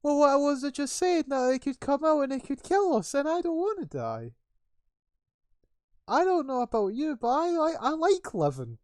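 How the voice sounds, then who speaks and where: A man doing a shrill, terrified young guard. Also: big pitch swings, moderate pace, dry recording, clean studio sound. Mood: frightened. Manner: panicky, stammering, high and shrill. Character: frightened young male cave guard.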